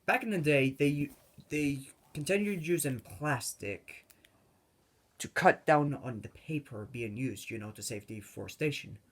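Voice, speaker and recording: A man's voice: medium pitch, unhurried. A young man hosting a gaming video, rambling off on tangents with many fillers. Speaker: gaming channel host. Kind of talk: rambling let's-play commentary.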